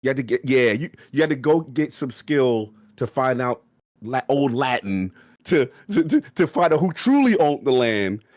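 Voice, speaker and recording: A man's voice: medium pitch, big pitch swings, normal speed, a little mellow, dry recording, studio quality. A man co-hosting a podcast, laid-back and slangy, talking casually about games. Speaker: podcast co-host.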